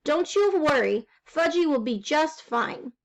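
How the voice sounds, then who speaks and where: A woman's voice: high voice, expressive, a little slow, highs cut off, voice pushed up. A woman reading aloud and voicing a bossy know-it-all young girl with a pushy, eager manner.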